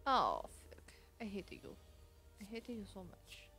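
A woman's voice: medium pitch, fairly even intonation, moderate pace, a little mellow, faint music behind. A woman hosting a gaming channel, giving casual commentary as she plays and muttering, often cursing at the game.

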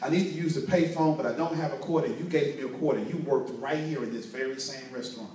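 A man's voice: mid-range voice, quick pace, darkish tone, close to an everyday voice. A man voicing a grateful, successful businesswoman earnestly within his sermon story. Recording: very echoey room, distant mic.

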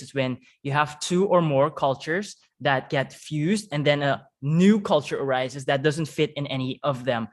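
A man from Suriname with a somewhat high voice talks as an interview guest. He tells his stories in a relaxed, conversational way and laughs easily. He stays expressive throughout. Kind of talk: casual conversational storytelling.

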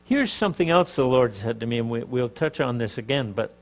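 A man's voice: mid-range voice, lively intonation, a little fast. An older man from Canada teaching a sermon, emphatic, rising and dropping in volume, with asides and jokes to his audience. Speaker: preacher.

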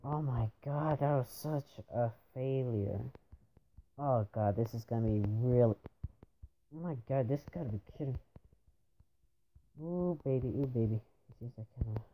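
A man's voice: medium pitch, measured pace, pauses often. A young man commenting on his own gameplay, frustrated and repeatedly exclaiming and groaning at his failures. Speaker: gamer. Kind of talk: gaming commentary. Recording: dull lo-fi home mic with faint hiss.

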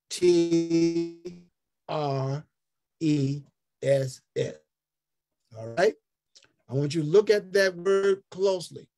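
A man teaching a health ministry group over an online call, slowly spelling out and repeating words as he invites answers. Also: on the high side, a little mellow. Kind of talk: interactive online teaching talk.

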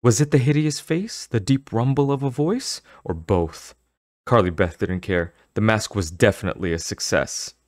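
A man narrating an audiobook in an expressive, dramatic storytelling manner. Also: fairly low pitch, normal speed, no room sound, studio quality.

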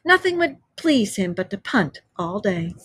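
A woman voicing a sociable male water rat in a storybook read-aloud, hearty and brisk. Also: medium pitch, sing-song, a bit bright, breathy edge, dry recording, full character voice. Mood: chatty.

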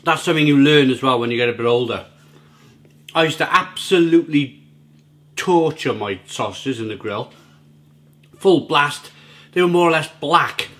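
A man reviewing food for his vlog from home, chatty and rambling. His pitch sits in an ordinary middle range. He keeps stumbling over and repeating his words as he goes. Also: fairly bright tone. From Britain. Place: at home, near the grill.

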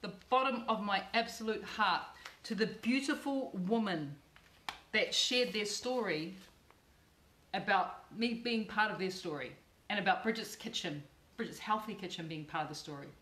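A woman's voice: mid-range voice, moderate pace, fairly bright tone, roomy sound. A middle-aged woman hosting a live cooking channel video, effusive and emotional, repeating words for emphasis.

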